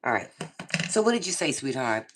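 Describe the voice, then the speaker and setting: A middle-aged woman telling a story casually in her vlog, animated and swearing freely as she talks straight to her viewers and a friend. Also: extremely low pitch, brisk, background noise. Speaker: vlogger.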